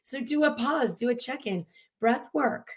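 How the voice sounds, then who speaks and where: With a slightly high voice and a slightly slow pace, a woman coach gives an informal teaching talk on emotions. She laughs frequently, is animated and earnest, uses plenty of fillers, and sighs and breathes audibly to show what she means.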